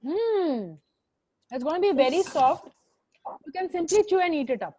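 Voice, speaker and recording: A woman's voice: high-pitched, expressive, moderate pace, a little mellow. A woman teacher with an Indian English accent, giving an online class over a video call. She repeats her instructions, switches into Hindi, and scolds students by name.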